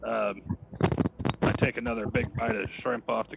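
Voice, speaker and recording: A man's voice: medium pitch, little pitch movement, moderate pace, creaky, pauses often. A man playing a tabletop game who talks in a casual, rambling way, on a lo-fi recording. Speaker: player. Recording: lo-fi with faint noise.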